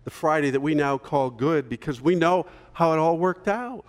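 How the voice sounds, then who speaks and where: A man preaching a sermon as pastor, telling a story in a relaxed conversational way with small fillers. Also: fairly high pitch, moderate pace, long reverb tail.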